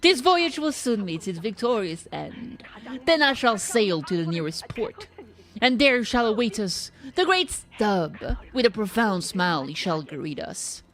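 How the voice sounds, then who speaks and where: A woman voicing a commanding, obsessed woman sea captain in a game, reading her lines in a grandiose, booming way. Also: sing-song, measured pace, a bit bright.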